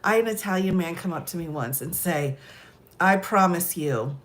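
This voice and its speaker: A woman's voice: lowish voice, expressive, fast. A woman chatting casually on a live stream, telling stories and laughing often. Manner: giggly, chatty, lots of laughter.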